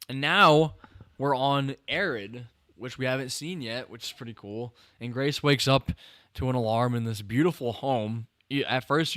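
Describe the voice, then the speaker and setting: A man's voice: mid-range voice, a bit bright, clear, resonant tone, no echo, studio quality. A young man hosting a podcast, chatting casually about a film, rambling with many restarts and fillers and sounding a little tired. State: tired, yawning. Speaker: podcast host. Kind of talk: casual film review chat.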